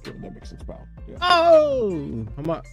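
Man, gaming commentary, casual, swearing, bouncy pitch, faint background music. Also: fast talker, creaky, dull audio. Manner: animated, swearing, shouts and squeals at jumps, sings snatches of rap. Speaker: gaming streamer. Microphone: headset or desk mic with face cam.

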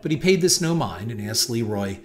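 A man giving a measured, dramatic scripted narration of a horror story. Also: mid-range voice, big pitch swings. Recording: noisy hiss behind voice.

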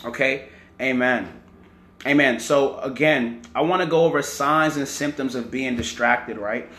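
A man's voice: medium pitch, a little slow, sharp tone, roomy sound. A man preaching a teaching sermon, often repeating words and checking in with "right?" and "amen".

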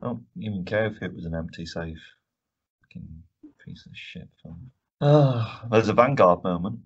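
A man's voice: on the low side, animated, normal speed, breathy edge. A man co-hosting a casual film review podcast, ranting and swearing often with frequent laughs. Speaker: podcast co-host. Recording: dull lo-fi podcast audio.

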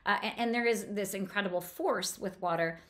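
A woman's voice: mid-range voice, brisk. Enthusiastic woman lecturing on a novel. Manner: thoughtful, with frequent restarts and fillers; enthusiastic about the prose. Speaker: book lecturer. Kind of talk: literary lecture.

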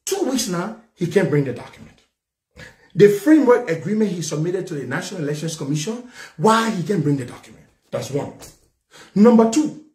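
Talk show host, male, high-pitched and fiery, echoey room. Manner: fiery, repetitive, shouting at times. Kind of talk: angry political rant.

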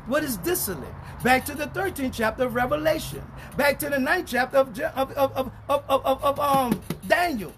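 Here a man preaches as a pastor in a street-style Bible teaching, animated and alternating between low mutters and shouted outbursts. He reads scripture slowly and emphatically, and the recording carries a slight hiss or hum.

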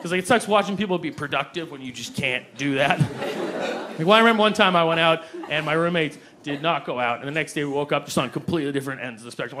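A young man doing a stand-up comedy set, animated and breaking into acted voices for the people in his stories. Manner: animated, jumps into high-pitched acted voices for quoted people. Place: comedy club stage before a live audience. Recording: live club recording with loud crowd and noise. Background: audience laughter.

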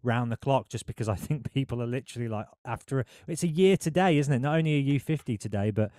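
Male podcast host, earnest interviewer, smooth resonant voice, dry close sound. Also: mid-range voice, expressive, fast, dry recording. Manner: warm, earnest, encouraging. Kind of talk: casual interview.

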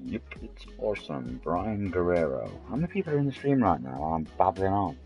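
A man's voice: low-pitched, very animated, a little fast, darkish tone, soft background music. A man, chatting and rambling in a matey way to viewers of his game stream. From England. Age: 40s. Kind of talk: casual live-stream chat.

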